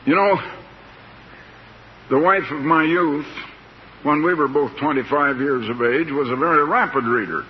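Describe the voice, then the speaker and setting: An older man preaching a sermon in a slow, plain-spoken, folksy way, stretching out words for emphasis. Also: a little high. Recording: dull lo-fi tape with faint hiss.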